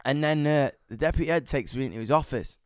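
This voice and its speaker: A young man tells stories with lots of swearing and bursts of acted-out voices. His pitch sits mid-range, and the sound is close and dry with no room. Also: fast, no echo. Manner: animated, swears a lot, acts out voices. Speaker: musician guest. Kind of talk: casual storytelling interview.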